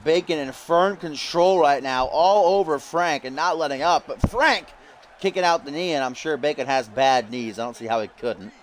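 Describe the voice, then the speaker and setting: Male play-by-play commentator for a wrestling video game, higher voice, jokey and prone to sudden shouting. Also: moderate pace, a little hiss or hum. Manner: jokey, yells in sudden excitement.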